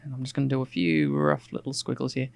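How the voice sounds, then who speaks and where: A man with an Australian accent, softened by some English RP, chats casually and rambles aloud while sketching on a live stream, with plenty of fillers and restarts. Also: mid-range voice, fast talker, gravelly, no room sound. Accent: Australian, with some English RP picked up. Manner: relaxed and rambling, thinking aloud with many fillers. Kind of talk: casual narration while drawing.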